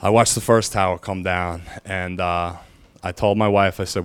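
A man telling his own story as a firefighter, halting and emotional, pausing often with fillers. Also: low-pitched, steady tone, smooth, dry recording. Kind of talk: personal storytelling.

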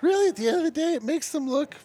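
A very high, piping voice belongs to a male puppy with a bone-dry wit, as a woman puts him on. He answers everything in a flat, wry deadpan on a sports chat show. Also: fast talker.

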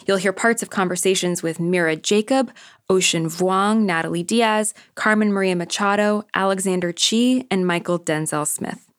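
A woman hosting a podcast, reading a reflective, measured introduction. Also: mid-range voice, no echo, studio quality. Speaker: podcast host. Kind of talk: scripted narration.

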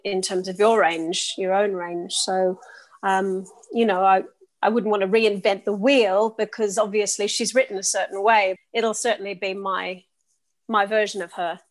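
A woman's voice: mid-range voice, flat delivery, normal speed. A woman from Australia, a musical theatre actress, chatting in an interview in a bubbly, self-deprecating way. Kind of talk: casual interview chat.

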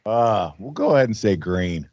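A man with a middle-pitched voice that moves a lot as he talks, a bit hoarse this morning. He hosts in a friendly, chatty way, recorded dry and close to the mic. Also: big pitch swings, moderate pace, darkish tone, no echo. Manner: friendly, chatty, reads ad copy. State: slightly hoarse. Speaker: podcast host. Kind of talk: casual podcast chat.

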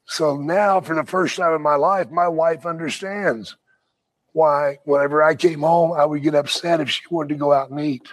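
An older man with a slightly raised pitch tells rough, profane stories from his wrestling days. He talks in a loose, animated way and breaks into laughter now and then. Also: moderate pace, poor audio. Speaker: guest, retired pro wrestler. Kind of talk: casual storytelling.

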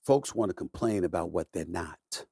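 On his podcast, a middle-aged man with a slightly husky voice delivers an impassioned monologue, driving his points home with repetition and pointed emphasis. His tone is preachy and forceful, swinging between booming and hushed, with lively intonation at a moderate pace. The recording is dry and close, with no room around it and no echo.

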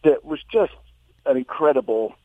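A man's voice: fairly high pitch, moderate pace, dry recording. Man telling a story over a tinny phone line. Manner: animated storyteller, voice rises for quoted lines. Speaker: psychotherapist guest. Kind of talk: anecdotal storytelling.

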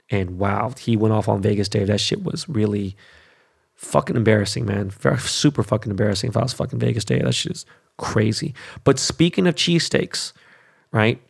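A Los Angeles man in his forties hosts a podcast, delivering a blunt, casual rant packed with swearing and repeatedly asking "okay?". His voice is lowish and gravelly.

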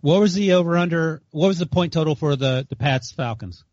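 A man's voice: fairly high pitch, fairly quick, a little mellow, no echo, highs cut off. A man co-hosting a casual sports betting chat, wry and teasing. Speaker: podcast co-host.

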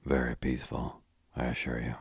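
A man's voice: rumbling low, monotone, fairly quick, gravelly, slightly rough, no room sound, exaggerated voice. A man voicing a flippant young adventurer who jokes dryly while guiding a tour. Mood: offhand. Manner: flippant, dry joking.

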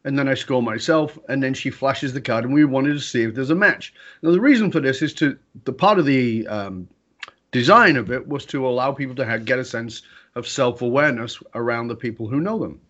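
A man's voice: mid-range voice, fairly quick, a bit bright, muffled recording. A man telling a story in conversation as an interview guest, acting out quotes with big jumps in his voice.

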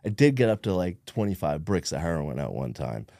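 A man's voice: low voice, very animated, brisk, vocal fry, dark tone, no room sound, studio quality. A man from New Jersey with a New Jersey accent, telling his story bluntly in a casual interview, swearing freely and acting out what people said. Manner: streetwise, blunt, swears a lot, acts out quotes. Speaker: podcast guest.

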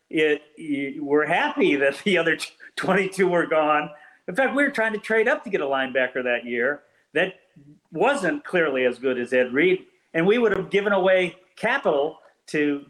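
An older man, a former team executive, telling anecdotes as an interview guest, animated and full of restarts. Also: on the high side, moderate pace, low-quality recording. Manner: animated storyteller with many restarts.

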